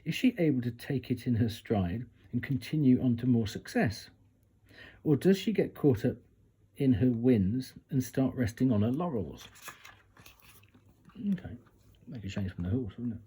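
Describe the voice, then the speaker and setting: A man's voice: mid-range voice, expressive, normal speed, long pauses, warm tone, husky. A man doing a casual tarot reading, reading passages aloud from a guidebook and breaking off for chatty asides and retakes. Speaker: tarot reader.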